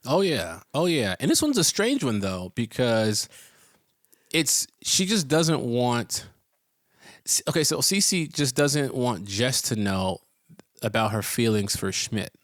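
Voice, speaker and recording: A man co-hosting a podcast in casual chat, playful and quick to laugh, sometimes jumbling sayings for fun. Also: mid-range voice, dry recording, studio quality. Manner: animated, laughs often; playful, mixes up sayings on purpose. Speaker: podcast co-host.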